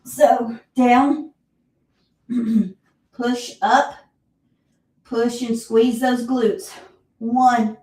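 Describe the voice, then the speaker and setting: A woman with a Southern US accent leading a live exercise class, counting reps and giving steady cues, heard from a distance in an echoey room. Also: a little high, extremely slow, pauses often. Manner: counts reps aloud, encouraging cues, clears throat often. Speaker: fitness instructor. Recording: roomy echo, voice from far off.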